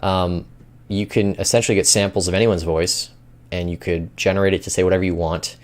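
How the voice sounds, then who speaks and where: A man's voice: low voice, fairly even intonation, brisk. A man hosting a finance news show, talking in loose, rambling casual commentary with many fillers.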